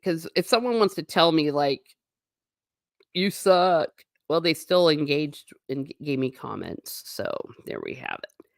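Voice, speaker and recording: A woman hosting a casual livestream, reading out viewer comments and answering them in an animated, sarcastic way with blunt asides. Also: low-pitched, moderate pace, vocal fry, no echo, clean studio sound. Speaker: host.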